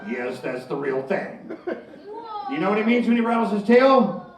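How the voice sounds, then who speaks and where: Male stand-up comic with a snake act, slightly high voice, jokey storyteller, recorded from a distance in a roomy hall. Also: big pitch swings, normal speed. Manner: jokey storyteller, chuckles at own punchlines. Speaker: comedian and snake handler. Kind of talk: stand-up comedy with live snake. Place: live show before an audience. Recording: echoey room from far off. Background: audience.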